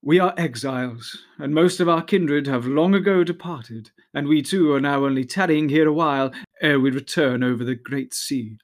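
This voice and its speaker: A man voicing an ancient noble male elf leader who speaks slowly and solemnly. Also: fairly high pitch, close to an everyday voice. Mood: stately. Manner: slow, stately, solemn speech.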